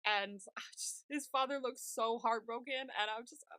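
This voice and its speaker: A woman's voice: a little high, normal speed, pushed and bright, clean tone, dry recording. A young woman co-hosting a podcast, animatedly retelling a TV episode in casual chat, full of "like" and fillers. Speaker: podcast co-host.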